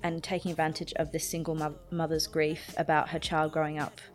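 Low-voiced hesitant woman, faint music behind. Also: little pitch movement, a little fast. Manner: thoughtful, hesitant, many ums. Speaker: podcast co-host. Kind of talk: casual music discussion.

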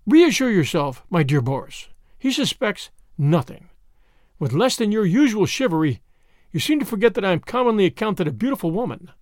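A man voicing a calm, mocking, scheming society woman in a read story. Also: high-pitched, normal speed, dry recording, studio quality. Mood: scornful. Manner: calm, mocking, coolly superior.

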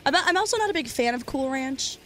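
A woman joining a casual podcast as a new guest, playful and quick to laugh. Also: high voice, animated, fairly bright tone, faint music behind.

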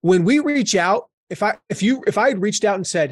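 A man's voice: high-pitched, fairly quick, hardly any pauses, no echo. Male guest, loose chatty delivery, dry close sound. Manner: relaxed, chuckling, full of fillers. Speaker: author and podcast guest. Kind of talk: casual conversational interview.

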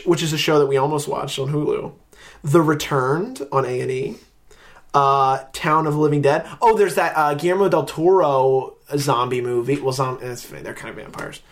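A man's voice: on the high side, moderate pace. A man hosting a casual podcast chat, joking, teasing and rambling through lists. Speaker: podcast host.

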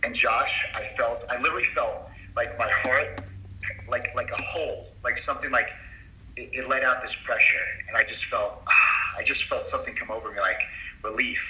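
A man's voice: mid-range voice, steady tone, normal speed, sharp tone, a little hiss or hum. A middle-aged man, a doctor, telling his story to an interviewer in an earnest, emphatic, confiding way. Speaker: doctor as podcast guest. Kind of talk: confessional storytelling in a conversation. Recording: roomy sound from a distance off mic.

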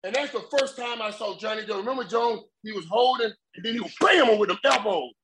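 An older man co-hosting a sports talk show, telling excited stories in a rambling way and repeating his words as he goes. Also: sits high, a little fast, very noisy. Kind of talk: casual sports chat.

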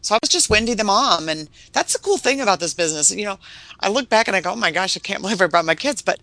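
Animated middle-aged woman, bright and dry. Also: fast talker, no room sound. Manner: animated storyteller, acts out quoted voices in a high sweet tone. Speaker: real estate investor guest. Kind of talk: casual interview chat.

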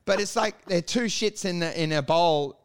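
A man's voice: high-pitched, moderate pace, smooth. An Australian man co-hosting a podcast, ranting and mocking with lots of swearing and laughter. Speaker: podcast co-host. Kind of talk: crude comedic podcast chat.

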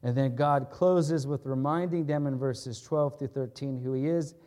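A man's voice: mid-range voice, fairly even intonation, normal speed, mellow. A man preaching an expository sermon in a conversational, earnest way, often checking in with his listeners and restating his points. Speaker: pastor.

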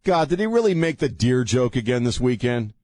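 A man's voice: mid-range voice, sing-song, fairly quick, a little mellow, no room sound. A man hosting a talk radio show, ranting with heavy sarcasm into a studio microphone.

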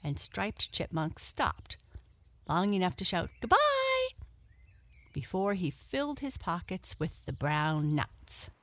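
A woman storyteller reading a children's story aloud in a gentle, expressive way. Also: on the low side, measured pace.

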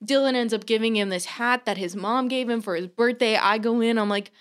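A young woman co-hosting a podcast, telling a long, animated anecdote in casual chat, full of fillers and swearing. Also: on the high side, fairly quick, clean tone. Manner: animated storyteller, filler-heavy, swears freely. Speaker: podcast co-host.

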